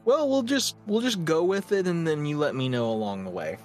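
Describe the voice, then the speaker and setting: A man's voice: on the high side, sing-song, fairly quick, a little mellow, soft background music. A man co-hosting a podcast with dry, wry humor in casual chat. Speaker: podcast co-host and storyteller.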